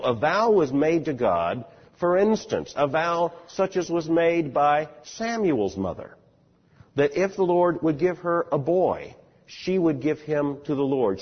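A man's voice: on the high side, husky. A man preaching an expository sermon in a conversational, storytelling way, often repeating words as he starts a phrase. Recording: dull recording in a large reverberant hall.

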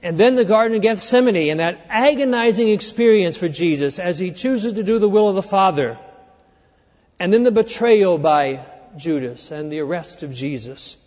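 A man preaching a sermon, earnestly walking through a scripture passage and dropping quieter when he quotes it. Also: high voice, lively intonation, moderate pace. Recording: dull reverberant hall sound.

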